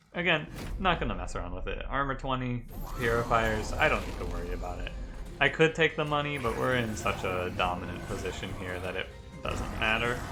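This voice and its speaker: A young man streaming a card game, giving casual commentary in a rambling, chatty way full of quick self-corrections. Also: mid-range voice. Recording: game music playing behind the voice.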